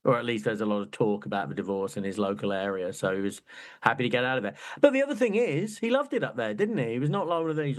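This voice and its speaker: A man's voice: mid-range voice, lively intonation, quick pace. A man co-hosting a casual football book chat, joking and slipping into quoted voices. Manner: jokey, puts on quoted voices. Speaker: podcast co-host.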